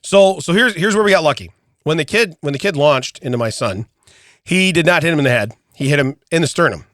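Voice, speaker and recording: A middle-aged man co-hosting a podcast, telling an animated story in casual chat, often checking in with "okay?" and restarting his sentences. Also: fairly high pitch, a little fast, no room sound, studio quality. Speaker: podcast co-host.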